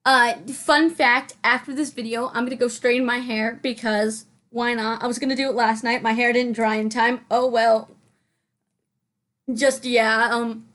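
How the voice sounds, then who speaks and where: A woman's voice: on the high side, a bit bright. Scatterbrained young woman rambling over gameplay. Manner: scatterbrained, self-mocking, talks to herself. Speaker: channel host. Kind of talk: rambling voice-over chat over a game build. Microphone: headphones with mic.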